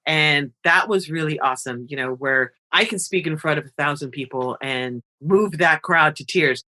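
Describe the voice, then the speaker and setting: A woman talks as a radio interview guest, a nonprofit founder with a bright, forceful voice. She tells her stories with lively expression and laughs easily. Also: sits low, normal speed. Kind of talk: animated storytelling interview.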